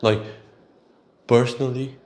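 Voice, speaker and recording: A man's voice: mid-range voice, flat delivery, unhurried, a little mellow. A man hosting his own solo show, ranting in an exasperated, profane way. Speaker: podcast host. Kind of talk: solo rant.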